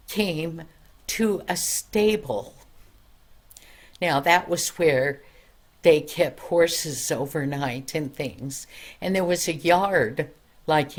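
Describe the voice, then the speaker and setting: An older woman telling a bedtime story in a gentle, homespun way, like a grandmother reading to children. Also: low-pitched.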